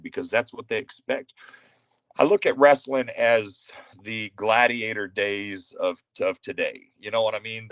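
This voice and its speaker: Dry-miked retired wrestler from Texas. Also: male voice, on the low side, dry recording, rough recording. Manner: profane, animated anecdotes. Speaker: retired pro wrestler, guest. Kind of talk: casual storytelling.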